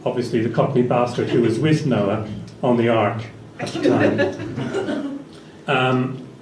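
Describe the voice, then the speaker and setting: A man's voice: mid-range voice, normal speed, a little mellow, a little hiss or hum. A man performing a stand-up comedy set in a small venue, rambling in a dry tone with fillers. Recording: echoey venue, picked up from a distance, faint ambience.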